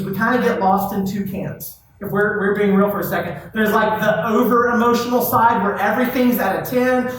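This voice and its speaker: A man's voice: sits high, a bit bright, slight background noise. A man, a youth pastor, giving a casual, conversational sermon and putting direct questions to his listeners. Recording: very echoey hall, distant mic.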